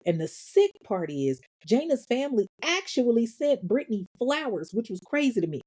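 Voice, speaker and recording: A woman's voice: a little high, very animated, normal speed, dark tone, breathy edge. A woman podcast host telling a true-crime story in a casual, profane, sassy way, acting out the quotes.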